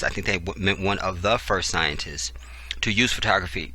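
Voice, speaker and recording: Forceful low-voiced man ranting. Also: animated, a little fast, no echo. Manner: profane, preachy asides between read passages. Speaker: channel host. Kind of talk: reading a book aloud with ranting commentary.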